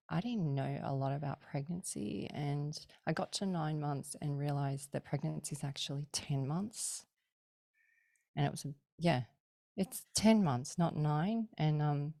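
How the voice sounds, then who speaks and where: Low mellow-voiced woman telling stories. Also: no echo. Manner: animated, acts out quoted voices, laughs often. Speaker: podcast guest. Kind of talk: casual storytelling.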